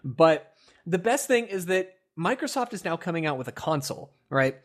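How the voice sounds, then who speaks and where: A young man hosting a casual podcast, animated and laughing, with lots of fillers. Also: on the high side, normal speed. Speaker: podcast host. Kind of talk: casual chat.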